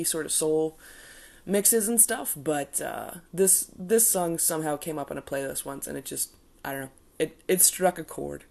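A woman with a raspy morning voice, chatting casually and introducing a song she is about to sing. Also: deep voice. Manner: relaxed and chatty, laughing between phrases. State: raspy morning voice after a loud night. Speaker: singer introducing a song cover. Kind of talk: casual chat to camera.

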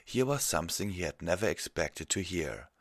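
A man narrating a fan fiction story aloud in a measured, even way. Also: low voice, gravelly, no room sound, clean studio sound. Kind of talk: audiobook reading of fan fiction.

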